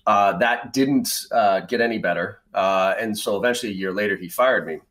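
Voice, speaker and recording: A middle-aged sales trainer from the Boston area, guesting on a podcast interview, tells casual stories bluntly and conversationally while swearing freely. His voice is fairly low, a bit bright, at normal speed.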